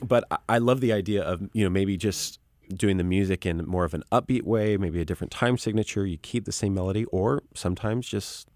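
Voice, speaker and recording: Deep-voiced earnest man, dry close sound. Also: brisk, hardly any pauses, darkish tone, dry recording. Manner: earnest, reflective, many restarts. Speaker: musician and pastor, guest. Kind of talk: conversational interview.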